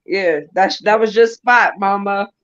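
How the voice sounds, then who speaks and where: A woman's voice: mid-range voice, measured pace, clear, resonant tone. A woman co-hosting a casual chat, chiming in with agreement and her own take. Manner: affirming, chiming in. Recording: dull lo-fi audio.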